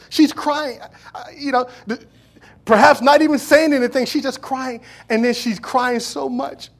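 A man's voice: high-pitched, normal speed. A man preaching a sermon, retelling a story with passion and acting out the characters' words. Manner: impassioned, acts out the characters' words.

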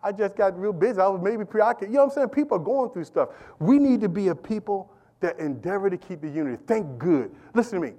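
A middle-aged man preaching a sermon as pastor, animated and repetitive, calling out to the congregation. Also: high-pitched, quick pace. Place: church.

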